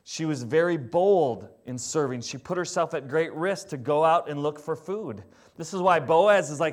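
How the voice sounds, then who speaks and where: A man preaching a sermon in a conversational, animated way. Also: a little high, normal speed. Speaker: pastor.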